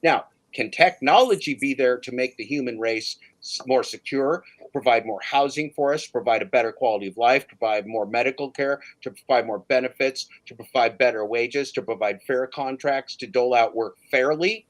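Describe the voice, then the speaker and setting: A man's voice: mid-range voice, normal speed, hardly any pauses, rough recording. Man ranting hard on a livestream. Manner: emphatic, ranting, repeats names for effect. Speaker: livestream host. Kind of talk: casual chat.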